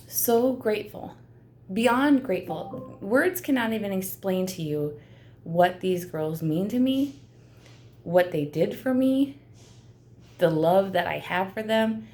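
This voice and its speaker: A woman's voice: medium pitch, a little mellow. A woman dog breeder talking earnestly and emotionally to the camera while seated indoors, with frequent ums. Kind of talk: heartfelt talk to camera.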